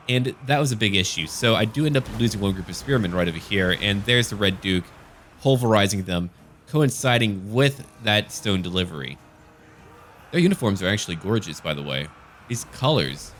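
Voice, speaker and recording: A man's voice: on the low side, fairly bright tone, a little hiss or hum. A man giving gameplay commentary as a gaming channel host, with dry, joking asides.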